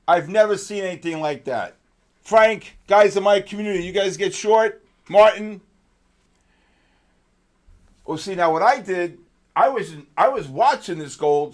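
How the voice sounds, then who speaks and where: A man hosting a live trading stream, talking excitedly and chatting with viewers as he goes over the markets. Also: high voice. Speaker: host.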